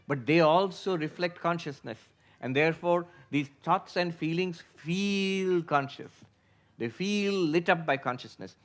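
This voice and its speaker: High-voiced man teaching philosophy. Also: fairly bright tone. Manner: patient, explanatory, poses questions to the audience; acts out everyday inner voices for illustration. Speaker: spiritual teacher. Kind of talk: philosophy class lecture.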